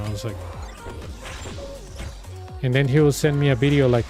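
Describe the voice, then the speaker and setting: Man, native Spanish speaker, sarcastic, exasperated, rambling streamer storytelling, mellow voice. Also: medium pitch, moderate pace, long pauses, faint music behind. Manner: sarcastic, exasperated, retells with "I was like". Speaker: streamer and coach.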